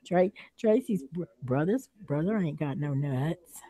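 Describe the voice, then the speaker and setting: A woman with a Southern accent chats loosely on a home livestream, drawling and laughing between remarks. Her voice sits low and sounds mellow and warm. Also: animated, slow, dry recording. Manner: chatty, drawling, laughs often. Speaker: livestream host. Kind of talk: casual livestream chat.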